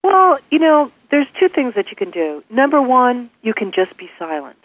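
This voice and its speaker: A woman's voice: fairly high pitch, big pitch swings, moderate pace, dry recording. A woman author interviewed by phone, giving practical advice in numbered steps. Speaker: author and guest expert. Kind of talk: interview on a call-in line. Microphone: telephone. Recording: tinny phone line.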